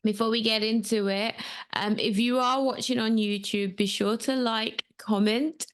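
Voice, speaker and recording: Speaking at a measured pace in a fairly even, somewhat high voice, a transformational coach hosts her own solo podcast. Her talk is chatty and meandering, full of ums and side tangents, captured through a home camera setup.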